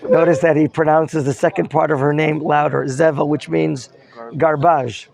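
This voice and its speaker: Gravelly rabbi quizzing his class. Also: on the high side, little pitch movement, moderate pace, darkish tone. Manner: questions the students and prompts answers; mixes in Hebrew terms. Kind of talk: interactive Torah lesson.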